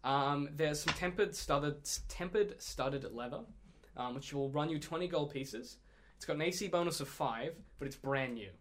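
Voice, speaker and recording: Man narrating as game master, slightly high. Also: moderate pace, a bit bright. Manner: rambling, many ums and restarts.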